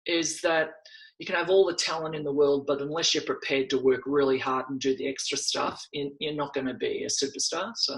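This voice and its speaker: A former netball player, an Australian woman in her fifties, is a guest on a podcast interview, telling stories with lots of laughter and acting out old conversations. Her voice sits low and her pace is brisk, though the audio is poor.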